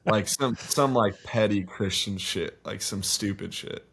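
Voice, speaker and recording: A man's voice: fairly low pitch, a little slow, gravelly, fairly bright tone, husky. Young man, swearing, rambling story. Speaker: guest. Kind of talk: casual podcast interview. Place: podcast studio.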